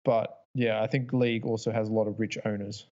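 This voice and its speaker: A young Australian man co-hosting a podcast, explaining his points in a measured, casual way. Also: lowish voice, level tone, dark tone, dull audio. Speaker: podcast co-host. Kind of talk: casual chat.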